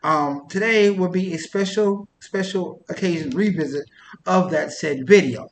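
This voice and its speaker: Rambling high-voiced man vlogging. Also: unhurried, reverberant, slight background noise. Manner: rambling, self-interrupting. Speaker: YouTuber. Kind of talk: casual talk to camera.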